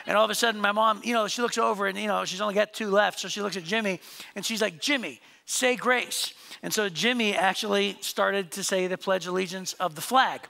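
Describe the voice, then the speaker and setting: A man's voice: sits high, steady tone, fast talker, vocal fry, sharp tone. A male pastor preaching a conversational sermon in a church, joking and asking the congregation questions. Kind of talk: sermon with storytelling. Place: church sanctuary.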